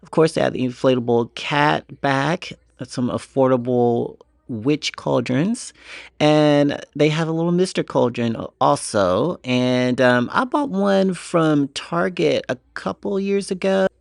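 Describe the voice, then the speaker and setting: Chatty man with a gravelly voice. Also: a little high, unhurried, no room sound, clean studio sound. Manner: chatty, rambling, eager collector. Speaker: Halloween shopping vlogger. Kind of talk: casual walk-through shopping vlog. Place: inside a retail store. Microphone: portable mic while walking.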